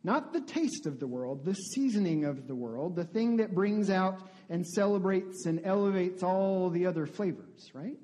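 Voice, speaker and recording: A male pastor gives a conversational, interactive sermon, often putting questions to the congregation. He speaks in a high, expressive voice with a darkish tone, at a moderate pace with few pauses.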